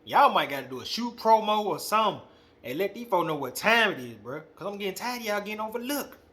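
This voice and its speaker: Slangy, animated young man ranting. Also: high-pitched, quick pace. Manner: animated, slangy, calls out directly. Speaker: wrestling podcast host. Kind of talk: casual opinion monologue.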